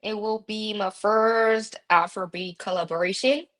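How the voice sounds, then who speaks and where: A woman from Germany whose first language is German, an independent musician guesting on a casual interview, talking in an animated way with frequent laughter and casual swearing. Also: mid-range voice, measured pace.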